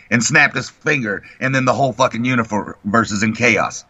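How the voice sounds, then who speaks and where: A man co-hosting a casual morning talk show, retelling a story with heavy swearing and lively energy. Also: medium pitch, brisk, few pauses, no room sound. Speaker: co-host. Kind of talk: profane casual chat. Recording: dull lo-fi sound.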